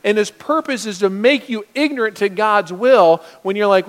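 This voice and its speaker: A man preaching a sermon as pastor, swinging between loud urgent stretches and hushed asides. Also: high-pitched, normal speed, hardly any pauses, long reverb tail. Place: church sanctuary.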